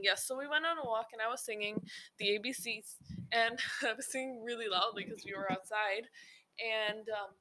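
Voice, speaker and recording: A teenage girl talks to her listeners in a loose, rambling way, giggling and breaking off mid-thought. Her voice sits a little high. Steady noise hums under her home recording. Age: teens. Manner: rambling, giggly, self-interrupting. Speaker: podcast host. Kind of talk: casual chatty monologue.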